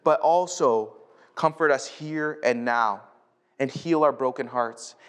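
A man from North America, a pastor, preaching a sermon in a casual, conversational way. He often repeats words as he starts a thought and rises sharply in pitch when retelling a story. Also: takes it slowly, fairly bright tone, clean tone.

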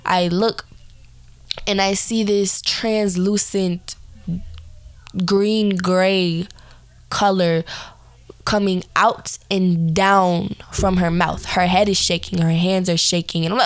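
A young woman hosting a podcast, hoarse and tired as she tells a personal story in a rambling way with lots of fillers and restarts. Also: mid-range voice, fairly even intonation, takes it slowly, dry recording. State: hoarse, recovering voice; tired, yawning.

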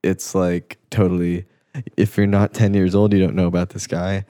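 A young man's low, mellow voice drifting through casual podcast chatter. He rambles, swears freely and trails off mid-thought, and the sound is close and dry. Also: level tone, normal speed, dry recording. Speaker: podcast co-host. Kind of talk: casual chat.

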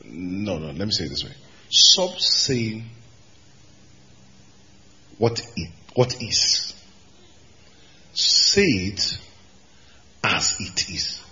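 A man preaching a sermon as pastor, emphatic, jumping from shouted lines to low asides. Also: sing-song, drawn-out words, long pauses, muffled recording. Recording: hall reverb.

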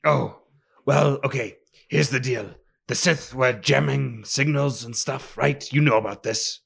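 A man with a deeply gravelly, rough voice, speaking in character during a tabletop game. He talks hesitantly, with many fillers and restarts. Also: unhurried, fairly bright tone. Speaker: player.

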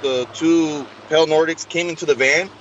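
A man's voice: fairly high pitch, normal speed, slight background noise. Man animatedly telling a story, lo-fi. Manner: animated, acts out quoted dialogue. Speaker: interview guest. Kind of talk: casual storytelling.

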